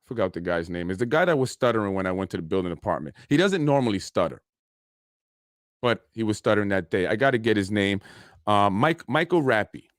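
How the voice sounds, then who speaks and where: Male podcast host, low voice, dry recording; aggrieved, rambling monologue. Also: animated, fairly quick, no room sound. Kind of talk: casual solo podcast monologue.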